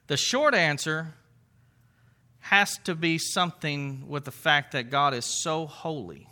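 A man's voice: on the high side, animated, slow pace, pushed and bright. A man preaching a sermon to his congregation, conversational, with rhetorical questions and asides. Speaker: pastor.

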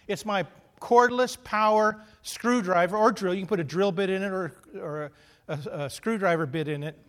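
A middle-aged male pastor preaching with a fairly high voice. He tells stories in an animated way and throws in funny asides. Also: normal speed. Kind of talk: sermon.

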